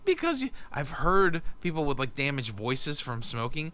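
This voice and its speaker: Young male solo podcaster, loose and profane, bright and forceful, bad-cable audio from a home garage. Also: mid-range voice, very animated, a little fast, hardly any pauses. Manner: rambling, profane, self-mocking. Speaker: podcast host. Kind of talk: casual solo podcast monologue.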